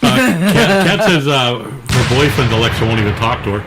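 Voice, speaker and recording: A man's voice: mid-range voice, very animated, normal speed, background noise. A man co-hosting a casual podcast, joking and laughing along with the others. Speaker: podcast co-host. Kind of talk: casual banter.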